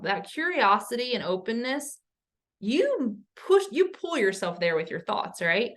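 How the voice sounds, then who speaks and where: A woman's voice: on the high side, big pitch swings, a little slow, a bit bright. A woman coach giving an educational talk, earnest, explaining step by step with questions and lists. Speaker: somatic coach.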